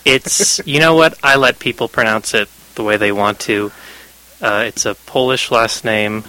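A man's voice: lowish voice, measured pace, bright, forceful tone, rough recording. A young man being interviewed on the radio, explaining his ideas thoughtfully with occasional fillers. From Canada. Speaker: guest, magazine editor.

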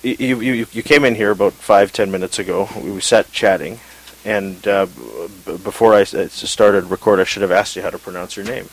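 A man hosting a radio interview, halting and hesitant, with frequent fillers and restarts. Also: fairly low pitch, rough recording. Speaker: radio talk show host.

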